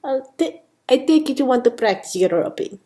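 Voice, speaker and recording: A woman's voice: high-pitched, animated, moderate pace, mellow, voice pushed up. A woman reading fan fiction aloud, voicing a friendly young female ranch hand with a Spanish accent. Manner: friendly, helpful.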